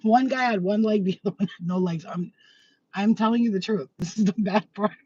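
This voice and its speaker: A high-pitched, husky man tells bawdy stories in a giggly, flamboyant vlog chat. He sounds a little away from the mic, and the sound is dull and muffled. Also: brisk, a little mellow, recorded from a distance. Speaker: vlogger. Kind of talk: casual chat to camera.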